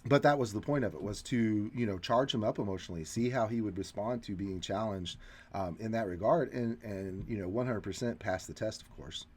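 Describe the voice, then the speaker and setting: A man with a fairly low voice talks through a film in a relaxed discussion. He explains characters' reasoning step by step, pausing on ums now and then. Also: husky. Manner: analytical, breaks down motives and points out scripting.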